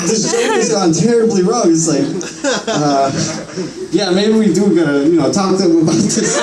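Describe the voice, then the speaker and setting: Young man, stand-up comedian, swears a lot, laughs at his own jokes, roomy bar sound, audience laughter. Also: high-pitched. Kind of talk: open-mic stand-up set. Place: small bar open mic. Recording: echoey room, far mic, crowd laughter.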